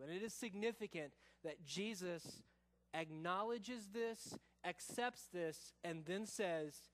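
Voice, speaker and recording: Male pastor with a high voice, expository sermon, casual asides, quiet dramatic drops. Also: a little slow. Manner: expository preaching, drops to soft low tones for quoted lines; casual asides, says y'all.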